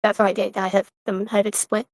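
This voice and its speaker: A woman's voice: medium pitch, flat delivery, fast talker, no echo. A woman playing in an online tabletop game, talking through her turn with a lot of hesitation. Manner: hesitant, lots of fillers. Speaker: player. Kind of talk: casual chat on a call.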